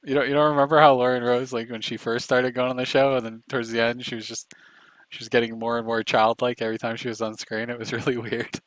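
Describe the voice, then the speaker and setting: Flat-voiced hesitant male co-host. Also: mid-range voice, no room sound, poor audio. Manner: halting, hesitant, with stammered restarts. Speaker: livestream co-host. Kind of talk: casual livestream chat.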